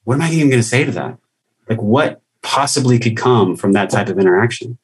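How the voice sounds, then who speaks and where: A man's voice: mid-range voice, animated, fairly quick, breathy edge. A man hosting a podcast, talking through an impassioned, rambling monologue full of "like" fillers. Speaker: podcast host.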